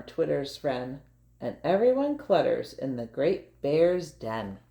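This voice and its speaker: An older woman reading a picture book aloud to her grandchild, gentle and playful, pausing to ask questions. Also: low voice, very animated, creaky. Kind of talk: storybook read-aloud to a child.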